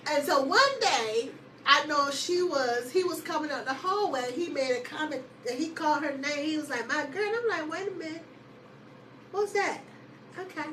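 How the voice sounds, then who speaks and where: A woman host casually telling a personal story to her listeners, lively and chatty, often laughing and calling them y'all. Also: high-pitched, moderate pace, distant mic, a little hiss or hum, low-quality recording.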